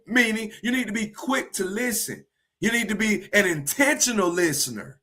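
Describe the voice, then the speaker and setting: A man teaching from the Bible in a livestream, earnest and repeating key phrases slowly for emphasis. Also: very high-pitched, sharp tone.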